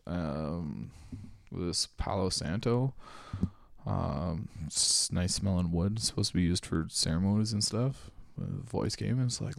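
A man's voice: lowish voice, creaky, a little mellow, no echo, clean studio sound. A man telling wild stories in casual chat as a podcast guest, laughing often and swearing as he acts out the other people. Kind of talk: casual storytelling.

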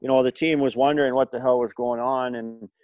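A man's voice: mid-range voice, fairly even intonation, a little fast, no echo. A middle-aged man spins long, rambling stories in casual chat, circling back through fillers and false starts. His voice sits mid-range. The sound is dry and a little dull. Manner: rambling, many fillers and restarts. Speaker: podcast guest, former hockey player. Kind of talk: casual storytelling.

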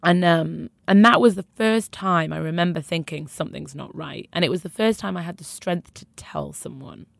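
A woman's voice: lowish voice, moderate pace, vocal fry, hardly any pauses, dry recording. A young woman frankly telling her own story as an interview guest, emphatic and conversational. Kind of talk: candid personal storytelling.

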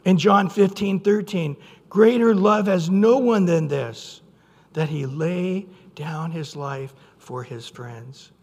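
A man preaching a sermon as pastor, earnest and storytelling, with sudden loud quoted outbursts. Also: a little high. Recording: long hall reverb.

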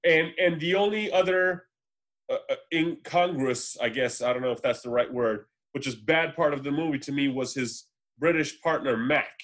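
A man with a somewhat higher voice talks loosely and rambles, stacking up fillers and restarts as he goes. He swears freely and keeps it casual. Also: moderate pace, a bit bright. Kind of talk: casual chat.

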